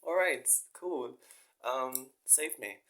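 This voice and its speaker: A man's voice: medium pitch, slow, bright, forceful tone. A man, a professor and musician, rambling casually and reading his own story aloud, self-mocking, swearing freely and laughing at himself.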